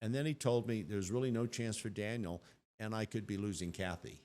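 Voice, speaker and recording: An older man, a guest on an interview show, telling his story in an animated way and acting out what people said. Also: fairly low pitch, fairly quick.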